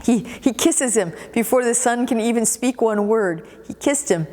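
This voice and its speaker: With a warm, fairly high voice at a normal speed, a woman pastor preaches in a church sanctuary. She tells the story expressively, repeating words for emphasis, and a long church reverb surrounds her.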